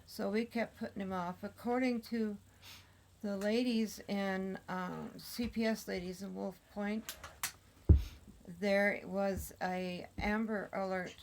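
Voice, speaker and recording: An older woman, a grandmother, telling the family's story in a casual conversation, halting with many pauses. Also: mid-range voice, steady tone, a little hiss or hum, rough recording.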